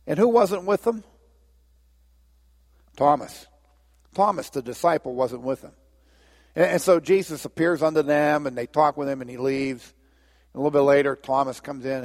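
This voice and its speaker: A man's voice: a little high, moderate pace, pauses often, darkish tone, long reverb tail. A man preaching a sermon, telling Bible stories and briefly acting out the voices of the people in them. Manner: storytelling, acts out voices of biblical figures.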